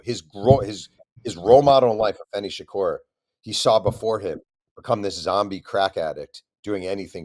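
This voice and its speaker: A man, an author guest on an interview show, telling a long story with lively acted-out quotes. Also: low voice. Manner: animated storyteller, acts out quoted voices.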